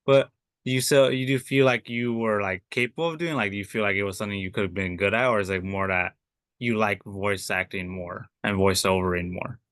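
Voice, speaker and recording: Man, podcast host, lowish voice, dry close mic. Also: fairly even intonation, a bit bright, no room sound. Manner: halting questions, frequent backchannel. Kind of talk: interview questions.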